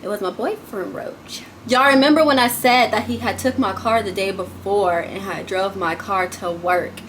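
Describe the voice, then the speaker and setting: A woman's voice: mid-range voice, moderate pace, slight background noise. Chatty, dramatic woman storyteller. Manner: chatty, addresses viewers as y'all; dramatic, swings between loud and hushed. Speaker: vlogger. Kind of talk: casual storytime vlog.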